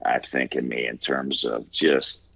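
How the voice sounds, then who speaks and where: A man in his sixties from Ohio, a guest talking casually in an interview, halting and reflective with many fillers and restarts. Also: a bass voice, little pitch movement, gravelly, fairly bright tone, breathy edge, dry recording, lo-fi sound. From Ohio, USA.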